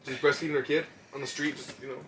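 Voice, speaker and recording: A man in his twenties, co-hosting a comedy podcast, telling stories in an animated, profane way. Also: mid-range voice, very fast, a little hiss or hum. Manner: animated, profane storytelling with acted-out quotes. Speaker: podcast co-host. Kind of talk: casual chat. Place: home studio shed.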